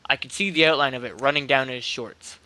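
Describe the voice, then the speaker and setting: A man's voice: mid-range voice, fairly quick, pushed and bright. A man casually reading a spooky internet story aloud, laughing and joking between lines with a co-reader.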